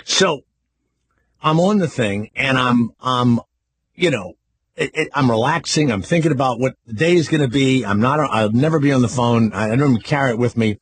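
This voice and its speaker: An older man hosting a talk radio show, telling a story in a loud, animated way and acting out what people said. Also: medium pitch, normal speed, breathy edge, dry recording. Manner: animated storyteller, acts out quotes.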